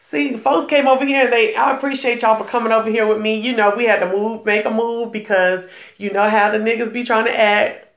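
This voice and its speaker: A woman hosts a casual live stream in a bright, forceful voice, chatting with her viewers and greeting them by name. She laughs easily and gossips freely. The sound is roomy, with a clear echo. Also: mid-range voice, fairly even intonation, moderate pace. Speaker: livestream jewelry seller and gossip host.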